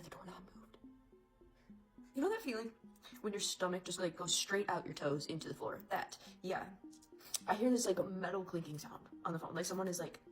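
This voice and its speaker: Fast-talking chatty woman telling a story. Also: medium pitch, poor audio. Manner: animated, chatty, lots of fillers. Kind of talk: casual storytime.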